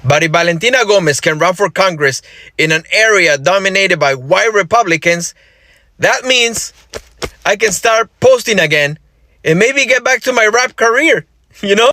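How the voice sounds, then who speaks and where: A man with a Spanish-speaking accent, full of sarcastic mock praise in a social media clip. His voice is high and bright, recorded dry and close. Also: lively intonation, normal speed, no room sound. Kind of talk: satirical social media commentary.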